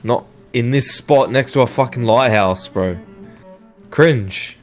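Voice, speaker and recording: A man's voice: medium pitch, takes it slowly, faint music behind. Taunting man on voice chat. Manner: taunting, scornful. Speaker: game player on voice chat. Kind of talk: mocking in-game voice chat.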